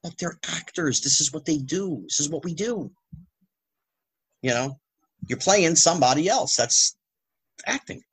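A man speaks as a podcast guest in a lively, rhetorical way, with exasperated asides. His voice is husky and sits fairly high, and it swings widely in pitch. The sound is close and dry. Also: a little slow, pauses often. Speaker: guest, former child actor. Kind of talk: casual podcast conversation.

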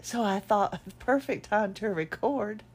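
Recording at home, a middle-aged podcast host speaks in a medium-pitched voice with a breathy edge. Her reflective, personal monologue comes out tired and emotional, halting and full of restarts.

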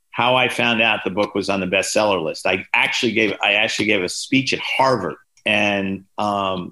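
Man in his sixties, author, animated storyteller, bright forceful tone, lowish voice. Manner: lively anecdotes, voices quoted people with big pitch jumps. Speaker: author and guest. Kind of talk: storytelling in a podcast interview.

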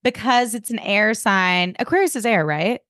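A woman's voice: medium pitch, animated, normal speed, fairly bright tone, no echo, studio quality. A woman co-hosting a podcast, talking casually and enthusiastically with many fillers. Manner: chatty, filler-heavy, enthusiastic. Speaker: podcast co-host.

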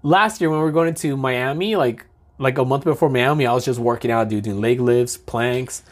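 A man's voice: mid-range voice, moderate pace. A young man in casual chat, dropping dude and bro into nearly every sentence. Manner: slangy, says dude and bro a lot.

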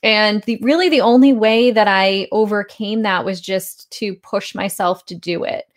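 A woman's voice: mid-range voice, moderate pace. A woman hosting an interview who responds in an affirming, reflective way. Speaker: podcast host. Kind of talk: conversational interview.

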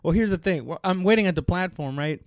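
A man telling a story in casual chat, animated and profane, acting out the people in it. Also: high-pitched, quick pace, no echo, clean studio sound.

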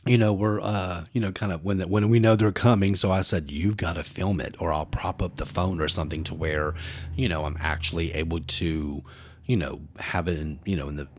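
A man, co-hosting a podcast and telling animated stories, acting out voices as he goes. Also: deep voice, a little fast, husky. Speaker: podcast co-host. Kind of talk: casual storytelling chat.

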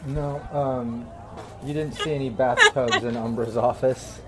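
A man's voice: medium pitch, unhurried, very noisy. A man running a tabletop role-playing game as game master, chatting loosely and laughing with his players. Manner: relaxed, chatty, laughs often. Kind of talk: narrating a tabletop game with friends.

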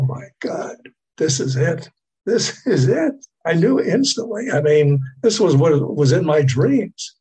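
On poor audio, an older man from the Boston area, USA, a longtime radio figure appearing on a podcast, laughs his way through long, meandering stories. His fairly high voice is husky and dark in tone.

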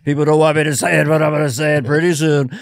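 A man's voice: fairly high pitch, level tone, rapid-fire, gravelly, dry recording, clean studio sound. Man doing a boastful, repetitive president. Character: boastful male president making promises.

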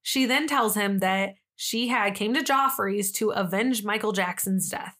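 A woman's voice: medium pitch, unhurried, fairly bright tone. Chatty young woman podcast host. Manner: chatty storyteller, acts out quotes, lots of "like". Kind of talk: casual true-crime chat.

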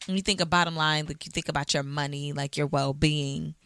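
A woman's voice: low voice, fairly even intonation, fairly quick, a bit bright, dry recording, studio quality. A woman co-hosting a podcast, talking loosely and candidly with lots of fillers and some swearing. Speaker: podcast co-host. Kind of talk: casual chat.

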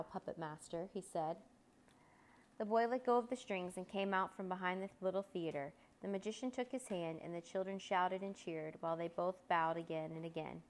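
Woman reading a children's storybook aloud. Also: lowish voice. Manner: expressive, lifts her voice for cheering crowds. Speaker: storybook narrator.

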